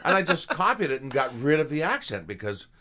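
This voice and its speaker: A man's voice: a little high, fairly quick, slight background noise. A middle-aged man from England with a Canadian accent, telling stories in a casual interview and acting out the voices he quotes. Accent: Canadian English. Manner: animated, acts out quoted voices. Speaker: voice actor guest.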